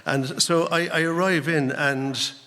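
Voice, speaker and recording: Irish male author, guest lecturer; animated storyteller, slightly higher voice, reverberant hall. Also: a little slow. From Ireland. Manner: animated, acts out dialogue, frequent "right?" and "like" tags. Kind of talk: anecdotal storytelling to an audience.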